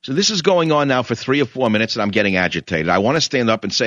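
A man's voice: mid-range voice, expressive, fast talker, fairly bright tone, no room sound, lo-fi sound. An older man from New York hosting a radio talk show, delivering an indignant, mocking monologue and telling a story with mimicked voices. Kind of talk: ranting monologue.

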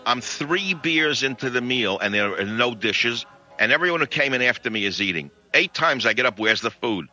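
A man hosting talk radio, telling a story in animated comic outrage. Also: mid-range voice, no echo, muffled recording.

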